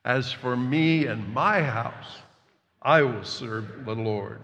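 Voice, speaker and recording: Earnest pastor in a reverberant hall. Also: male voice, medium pitch, a bit bright, a little hiss or hum. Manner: earnest, halting with fillers, rises for scripture. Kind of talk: sermon with scripture reading. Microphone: worn microphone.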